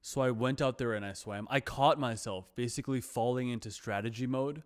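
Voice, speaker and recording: A man's voice: mid-range voice, a little fast, few pauses. A man vlogging in a casual, reflective monologue. He is self-deprecating and repeats himself.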